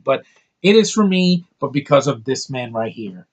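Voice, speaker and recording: A man gives a casual, unscripted spoken movie review, blunt and profane, frequently stumbling and restarting his sentences. His voice is expressive and middling in pitch, at a normal speed.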